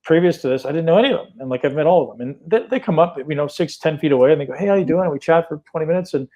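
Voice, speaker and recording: A man's voice: on the high side, rapid-fire, darkish tone, highs cut off. Enthusiastic male podcast host. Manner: enthusiastic, repeats "right?" often. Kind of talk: casual podcast conversation.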